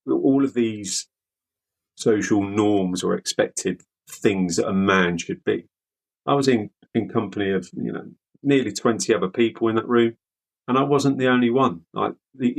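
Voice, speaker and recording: A man from the UK, a veteran guest, speaking candidly in an interview with halting, repeated words. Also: on the low side, creaky, slightly rough, low-quality recording. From United Kingdom.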